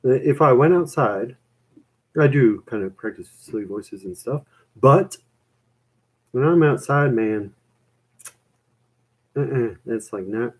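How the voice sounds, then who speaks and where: A young man talking in a loose, rambling way, tossing "man" and "dude" into nearly every line. His voice sits at an everyday middle pitch, and he chats casually with people watching, poking fun at himself as he goes. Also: husky, low-quality recording. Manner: rambling, self-mocking, full of "man" and "dude". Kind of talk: casual chat reacting to chat.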